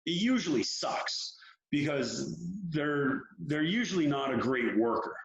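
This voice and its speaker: Frank, animated man in roomy audio. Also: on the high side, a little slow, gravelly. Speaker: hockey development coach. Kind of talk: candid interview talk. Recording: roomy, dull lo-fi sound.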